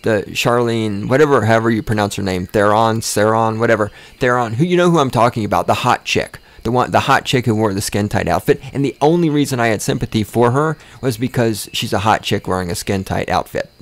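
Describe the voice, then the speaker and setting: A man's voice: fairly low pitch, a little fast, hardly any pauses. A man hosting a podcast, ranting casually with lots of swearing and sarcasm, often repeating words and restarting sentences when worked up. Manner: sarcastic, swears often, mocks with exaggerated voices. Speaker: podcast host. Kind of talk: casual profane rant.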